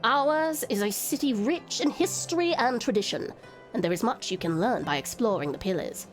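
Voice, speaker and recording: A courtly noble guide shows visitors around a holy city in a measured, formal manner, read aloud by a woman over her game. The voice sits high and moves around a lot in pitch. Game music plays clearly underneath. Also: lively intonation, close to an everyday voice.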